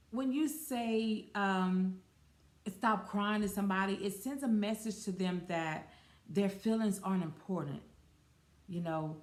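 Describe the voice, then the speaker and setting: A woman in her forties hosting a podcast, talking casually and rambling with fillers and self-corrections. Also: medium pitch. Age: 40s. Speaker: podcast host. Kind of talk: casual solo podcast talk. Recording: roomy echo.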